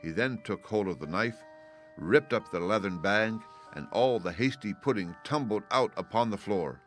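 A man narrating a fairy-tale audiobook with a low voice. His delivery is steady and even, with faint music underneath. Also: moderate pace.

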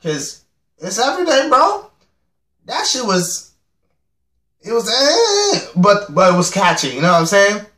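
A young man with a fairly high voice and a lively, swooping delivery reacts to a music video. He rambles, pokes fun at himself and keeps urging viewers to comment. His voice rings in an echoey room. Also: unhurried, long pauses. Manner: animated, rambling, self-mocking with frequent laughs. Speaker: reaction vlogger. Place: home room.

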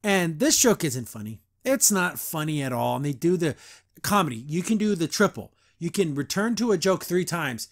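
A young man with a fairly high, light voice hosts a podcast review. He talks loosely and chattily, quoting characters in quick put-on voices and laughing between points. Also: big pitch swings. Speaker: podcast host reviewing a cartoon. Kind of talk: casual reaction commentary.

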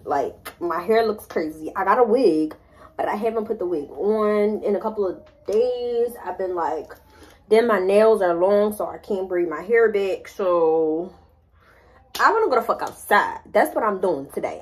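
Chatty young woman vlogging. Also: medium pitch. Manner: rambling, fillers like "like", addresses viewers as y'all. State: slightly sick with a cough. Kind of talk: casual chat to camera.

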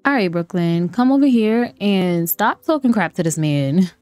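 A chatty woman narrates her life-sim gameplay in a loose, playful way. She jokes with her viewers and laughs often. Soft lo-fi music plays faintly behind her voice. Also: mid-range voice, expressive, normal speed, clear, resonant tone, dry recording. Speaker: gameplay streamer. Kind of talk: casual let's-play commentary.

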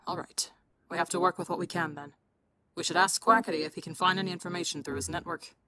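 A woman voicing a calm, firm middle-aged father who speaks steadily. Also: lowish voice, quick pace, a little hiss or hum. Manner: firm, steady, no room for argument.

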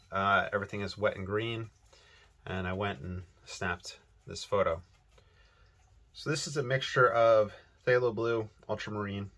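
A man's voice: low voice, a bit bright. A man giving a casual, rambling watercolor painting lesson, thinking aloud as he paints. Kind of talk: relaxed painting tutorial.

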